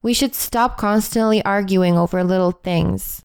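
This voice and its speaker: A woman reading a list of English phrases in a calm, measured way, with deliberate pauses between them. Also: medium pitch, creaky, smooth, no echo, clean studio sound. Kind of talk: slow read-aloud phrase list.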